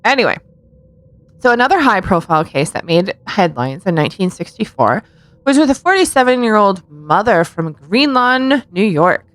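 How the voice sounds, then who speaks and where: A woman's voice: mid-range voice, big pitch swings, normal speed, no room sound. A woman co-hosting a casual podcast, telling true-crime stories with sarcastic asides and frequent giggles. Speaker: podcast co-host.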